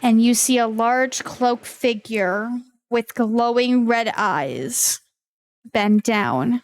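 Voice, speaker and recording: A woman runs a tabletop fantasy game, narrating scenes at an unhurried pace. Her voice sits fairly high, and she drops into other characters' lines as she goes. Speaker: game master.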